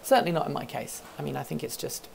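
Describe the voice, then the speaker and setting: Low gravelly woman chatting on a stream. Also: expressive, fast, a little mellow, slight background noise. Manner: rambling, thinks aloud, answers chat questions. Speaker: host of a livestream hangout. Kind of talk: casual live-stream chat. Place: office.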